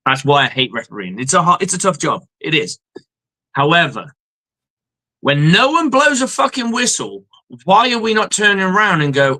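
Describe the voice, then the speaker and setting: Heated, bright-voiced sports stream co-host. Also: male voice, fairly high pitch, very animated, moderate pace, poor audio. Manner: heated, profane, acts out referee exchanges. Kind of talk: casual sports reaction chat. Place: live stream setup.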